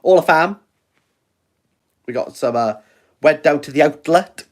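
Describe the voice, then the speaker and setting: A man's voice: on the high side, measured pace. A man with a Welsh accent chatting casually on a phone livestream from home, rambling and joking at his own expense. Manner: rambling, self-mocking and jokey. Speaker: book reviewer livestreaming.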